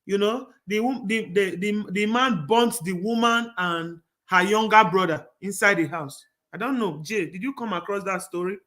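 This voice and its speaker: A man with a high voice hosts a casual discussion show. His tone is bright and forceful, and he tells stories earnestly, often stopping and restarting his sentences. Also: moderate pace, few pauses. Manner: earnest, rambling storyteller with many restarts. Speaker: talk show host.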